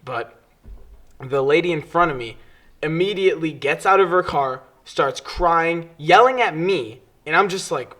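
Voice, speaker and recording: A man's voice: on the high side, expressive, moderate pace, a bit bright. A young man co-hosting a casual podcast, telling stories with lots of energy, swearing freely and mimicking other people's voices. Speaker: podcast co-host. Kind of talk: casual chat.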